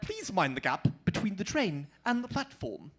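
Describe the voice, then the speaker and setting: A man imitating a polite male train announcer, formal and measured. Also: high-pitched, sing-song, fairly bright tone, heavily acted.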